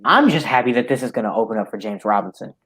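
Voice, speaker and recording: Measured man breaking down prospects. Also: mid-range voice, animated, fairly bright tone, husky. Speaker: co-host. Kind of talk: casual livestream chat.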